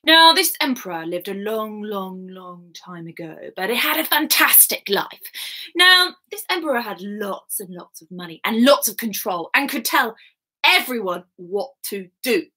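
A woman's voice: mid-range voice, sing-song, a little slow, pushed and bright. A woman at home leading an interactive children's story time, coaxing and talking straight to the kids.

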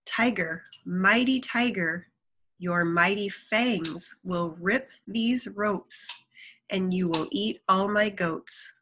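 Woman playing a crafty, flattering man. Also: medium pitch, slow, slight background noise, poor audio. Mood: coaxing. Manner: flattering, coaxing.

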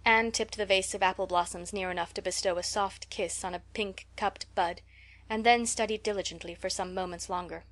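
A woman reads a classic novel aloud as an audiobook narrator. Her delivery is measured and even, in a middle pitch.

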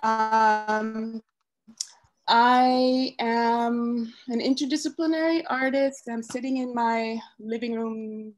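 Slow soft-spoken woman. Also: on the high side, fairly even intonation, faint music behind. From Jamaica. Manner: soft-spoken, unhurried, many pauses. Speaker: panel artist. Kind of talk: online panel introduction. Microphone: video call.

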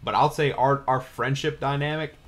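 A man's voice: mid-range voice, fairly even intonation, moderate pace. A man co-hosting a casual gaming chat while playing, laid-back and slangy, swearing casually. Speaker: co-host of a game challenge series.

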